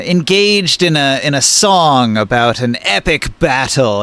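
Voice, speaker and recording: A man's voice: mid-range voice, fairly bright tone, clean tone. A man narrating as game master in a tabletop role-playing game, casual and rambling.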